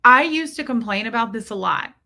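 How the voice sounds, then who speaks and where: Bright-voiced woman streamer chatting. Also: on the high side, expressive, a little fast, gravelly. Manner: rambling, thanks viewers by name as she talks. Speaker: livestream host. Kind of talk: casual livestream chat.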